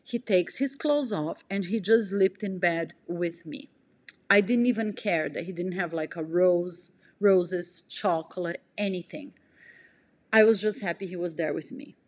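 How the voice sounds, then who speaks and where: A woman telling a personal story in an emotional, breathless way, jumping in pitch as she acts out what people said. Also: a little slow. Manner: emotional, breathless retelling, acts out quotes with big pitch jumps. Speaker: podcast storyteller.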